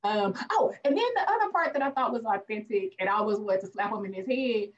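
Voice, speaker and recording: A woman co-hosting a casual movie review podcast, speaking, animated, acting out lines from the film and laughing often. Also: mid-range voice, fast talker, far from the mic, dull audio. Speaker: podcast co-host.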